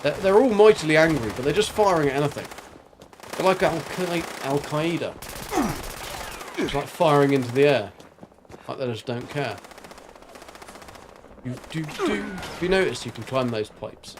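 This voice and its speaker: A man's voice: on the high side, expressive, moderate pace, long pauses, noisy background. A man streaming a video game, chatting casually and rambling with jokes and silly sound effects. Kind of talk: casual gameplay commentary.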